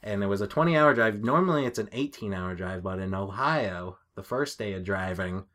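A man with a lowish voice chats on a casual podcast. He is from New England and tells stories with quick asides and easy laughs. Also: animated, a bit bright. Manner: laughing, storytelling, quick quips. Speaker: podcast co-host.

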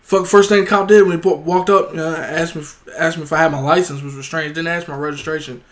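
A man on a casual chat show, rambling through a story and quoting everyone in it. His voice sits a bit high for a man, and his talk is loose, profane and full of restarts. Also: steady tone, fast talker, a bit bright. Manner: rambling anecdote teller, quoting others, swears freely. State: gets heated and shouts when indignant.

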